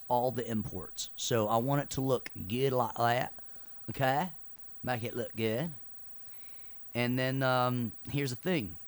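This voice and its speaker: A male instructor talks to his class over a live stream. He rambles casually, tosses in puns and laughs at his own jokes, then gets back to the rules of the assignment. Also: medium pitch. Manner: jokey, chatty, tells puns. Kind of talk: online class lecture.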